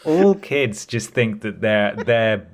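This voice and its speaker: A man's voice: lowish voice, lively intonation, slow pace. A man co-hosting a podcast, chatting casually with dry, teasing remarks. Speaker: podcast co-host. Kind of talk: casual chat.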